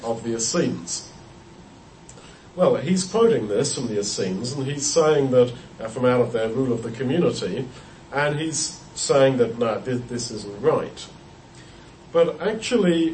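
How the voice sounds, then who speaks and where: A man's voice: medium pitch, a little mellow, a little hiss or hum. A man explaining a Bible passage in an unscripted teaching talk, thoughtful and explanatory, often restarting and repeating words. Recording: roomy echo, heard from a distance.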